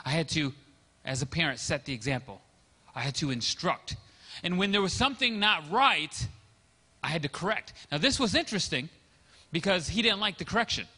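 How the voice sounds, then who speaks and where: A man's voice: a little high, bright, forceful tone, long reverb tail. A man preaching a sermon as a pastor, telling stories in a conversational way and acting out what people said. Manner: conversational storytelling, acting out quoted dialogue.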